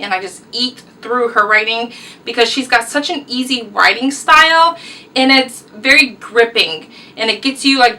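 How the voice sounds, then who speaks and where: A woman's voice: sits high, sharp tone, recorded from a distance, poor audio. A young woman, chatting through a casual book review vlog, rambling and enthusiastic. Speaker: book vlogger.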